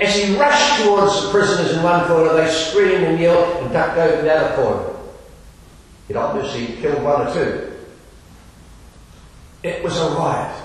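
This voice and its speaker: A man with a fairly high voice tells a dramatic story, expressive and deliberate, pausing for effect. His voice comes from far off and rings around a large hall.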